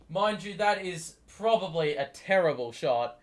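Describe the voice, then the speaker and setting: Excitable, cursing man on a live stream. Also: high voice, measured pace, few pauses. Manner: excitable, swears often, talks back at the players. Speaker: host. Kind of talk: live sports watchalong commentary.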